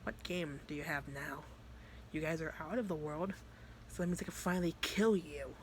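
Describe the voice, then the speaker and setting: A menacing male demon who mocks his victims in a cold, slow hush, put on by a young storyteller. The voice sits lower and quieter than his plain talk, each word drawn out with scorn. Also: expressive, a little hiss or hum.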